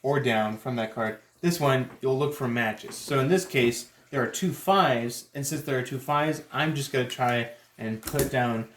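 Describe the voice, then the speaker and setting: A man's voice: medium pitch, a little slow, hardly any pauses, a bit bright, reverberant, a little hiss or hum. A man casually demonstrating a card game, talking through his moves as he plays. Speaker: game explainer.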